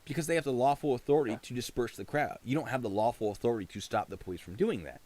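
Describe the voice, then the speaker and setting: A man's voice: medium pitch, rapid-fire, darkish tone. A man hosting a casual livestream chat, explaining his points and asking rhetorical questions.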